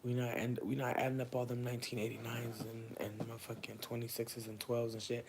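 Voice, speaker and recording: Expressive, slangy man in his thirties. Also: a little fast, few pauses, slight background noise. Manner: expressive, swinging between loud bursts and low murmurs; profane, slangy, chatty. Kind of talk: casual livestream chat.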